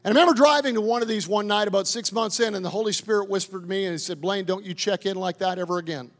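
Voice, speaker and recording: Pastor, middle-aged man, high gravelly voice, impassioned sermon, reverberant hall. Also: quick pace. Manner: impassioned preaching, building to loud declarations.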